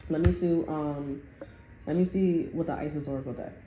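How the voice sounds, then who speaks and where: A woman's voice: low voice, fairly even intonation, moderate pace, warm tone, slight background noise. A woman giving a casual tarot reading, talking bluntly and swearing, acting out what others say in a raised voice. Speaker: tarot reader. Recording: roomy sound with faint music.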